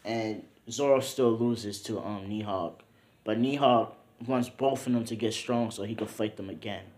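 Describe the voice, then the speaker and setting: A man's voice: lowish voice, measured pace, a little mellow. A young man casually telling a fan-fiction story, rambling with lots of fillers. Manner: rambling, filler-heavy, self-inserting.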